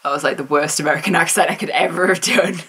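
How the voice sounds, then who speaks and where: A woman's voice: fairly low pitch, fast, fairly bright tone, breathy edge. A woman vlogging casually, chatty and enthusiastic, rambling through her opinions with restarts.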